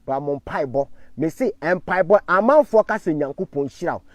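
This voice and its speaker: A man with a Ghanaian accent, giving a defiant live-stream talk, swinging from loud declarations to low murmured thanks to viewers. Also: expressive, normal speed, dry recording. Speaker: online commentator.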